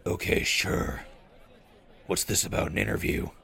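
A man's voice: a little slow, a bit bright, a faint crowd, natural voice. A man doing an offhand mercenary commander. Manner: casual, unimpressed, low-key. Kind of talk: audio drama acting.

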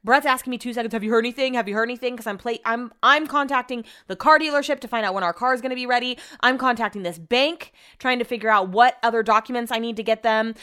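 Young woman, smooth and fairly high voice, ranting exasperated in a casual vlog. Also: fast talker, hardly any pauses, bright, forceful tone. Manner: exasperated, ranting, swears freely. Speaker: vlogger.

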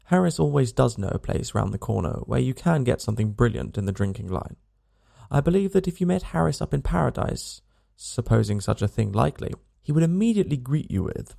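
A man's voice: medium pitch, sing-song, brisk, gravelly, warm tone. A man narrating a comic novel as an audiobook, with dry, wry storytelling.

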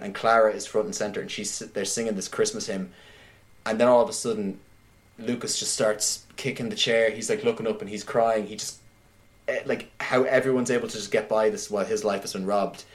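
A man in casual conversation, retelling a film scene by scene in an animated way, with many "like"s. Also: on the low side, fairly quick. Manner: animated retelling, heavy use of "like". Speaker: podcast guest discussing films.

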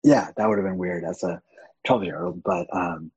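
Husky, gravelly young man guest. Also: low-pitched, moderate pace, no echo, rough recording. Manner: open and animated, laughs often. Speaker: podcast guest. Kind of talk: candid casual chat.

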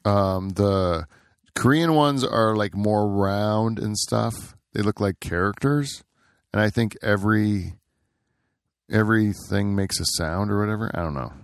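A man's voice: fairly low pitch, unhurried, no room sound, clean studio sound. A middle-aged man co-hosting a podcast in casual chat, rambling with lots of fillers and frequent laughs. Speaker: podcast co-host.

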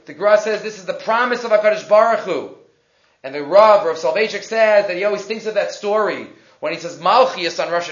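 A man teaching a Torah class, telling a story and slowing down to read verses aloud. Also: high voice, fairly bright tone. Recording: roomy, dull lo-fi recording.

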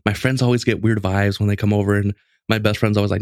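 A man in his late twenties casually telling a story in a lively, conversational way, with lots of restarts. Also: fairly low pitch, fast, creaky, no room sound, studio quality. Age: late 20s.

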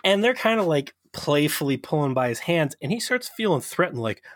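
A young adult man co-hosting a podcast, casually recapping an episode with profane, animated storytelling. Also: fairly high pitch, normal speed, no room sound, studio quality. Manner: profane, animated storytelling with mocking quoted voices. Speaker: podcast co-host.

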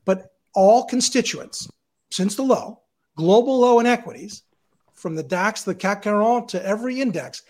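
A man giving emphatic, lecturing market commentary on a panel show, building each point step by step. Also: high voice. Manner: repeats words when starting a sentence. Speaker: market technician, show regular.

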